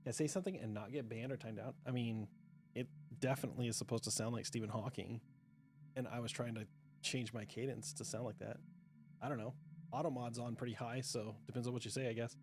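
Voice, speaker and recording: A man's voice: medium pitch, steady tone, brisk. A man hosting as dungeon master, chatting casually and loosely on a call during a break, with frequent restarts and laughs. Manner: rambling, many restarts, laughs often. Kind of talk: casual chat during a livestreamed game break. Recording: background music under the voice.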